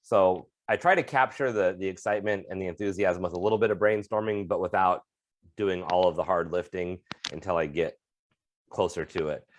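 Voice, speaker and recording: A man's voice: low-pitched, steady tone, fairly quick, no room sound. A man co-hosting a comedy podcast, talking in an earnest, thoughtful and supportive way. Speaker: podcast co-host, comedian and motivational speaker. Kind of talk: casual chat.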